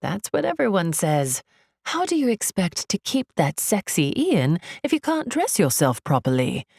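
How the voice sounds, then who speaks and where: A woman's voice: fairly low pitch, sing-song, normal speed, creaky, a little mellow, husky, no room sound, clean studio sound, full character voice. A woman voicing a glamorous, upset British society wife with a British accent, who speaks in a clipped, haughty, blunt way. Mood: brittle haughty.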